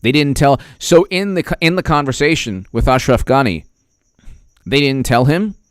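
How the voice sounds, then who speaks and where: A man's voice: medium pitch, lively intonation, normal speed, clear, resonant tone, dry recording, studio quality. A man giving political commentary on a vlog in a rambling, sarcastic way, often restarting his sentences.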